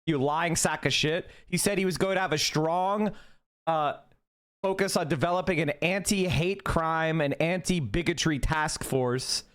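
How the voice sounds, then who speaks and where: A man reacting to a news clip with angry commentary, profane and yelling insults at what he is watching. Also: on the high side, measured pace, clear, resonant tone. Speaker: online reaction host.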